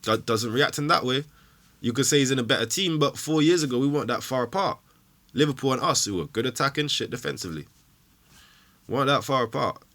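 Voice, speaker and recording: A man's voice: mid-range voice, expressive, fairly quick, a bit bright. A man hosting a football fan show, ranting angrily and emotionally with heavy swearing. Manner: angry, swearing, emphatic rant.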